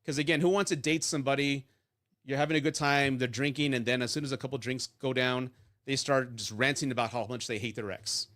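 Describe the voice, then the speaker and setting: A man's voice: medium pitch, steady tone, fairly quick, fairly bright tone. Blunt, profane man giving breakup advice. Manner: blunt, profane, storytelling with lots of "right?". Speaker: host of a breakup advice live stream. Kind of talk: casual live Q&A advice talk.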